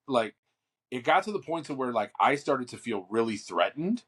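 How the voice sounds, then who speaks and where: A man co-hosting a podcast, telling a long story in a casual, animated way, full of fillers and swearing. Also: medium pitch, a little fast, breathy edge. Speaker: podcast co-host.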